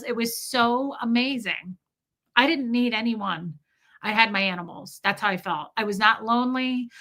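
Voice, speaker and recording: A middle-aged woman telling personal stories in a casual, animated way, laughing often and acting out little voices. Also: fairly high pitch. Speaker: host. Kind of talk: casual storytelling monologue.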